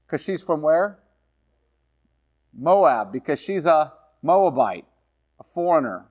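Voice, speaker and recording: A man's voice: on the high side, lively intonation, a little mellow, muffled recording. Conversational man teaching scripture. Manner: conversational, checks in with "right?" and "okay?"; reads scripture aloud slowly, then explains it. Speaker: pastor. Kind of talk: expository Bible teaching. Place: church.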